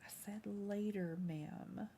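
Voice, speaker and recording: A woman's voice: medium pitch, slow pace, warm tone, a little hiss or hum. A woman hosting a casual craft livestream, chatting with viewers and scolding her cat. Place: home room.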